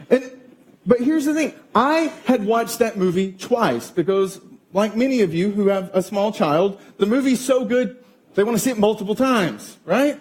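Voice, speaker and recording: High-voiced male pastor preaching. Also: moderate pace. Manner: animated storytelling, acting out quotes. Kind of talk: sermon. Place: church auditorium.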